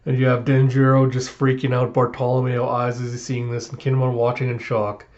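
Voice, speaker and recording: A man's voice: mid-range voice, completely flat delivery, a little fast, darkish tone, muffled recording. A man giving a chatty, sarcastic comic recap as a reviewer. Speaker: manga reviewer. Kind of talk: casual reaction recap.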